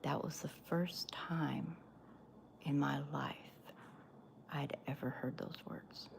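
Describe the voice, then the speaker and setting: A woman telling a personal story on a livestream in an earnest, emphatic way, pausing often. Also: low voice, steady tone, vocal fry, in a whisper. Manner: earnest, emphatic, with many pauses. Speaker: livestream host.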